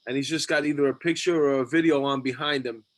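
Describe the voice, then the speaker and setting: Animated New man telling stories. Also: mid-range voice, quick pace. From New York. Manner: animated storyteller, acts out voices. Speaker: guest comedian. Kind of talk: casual storytelling.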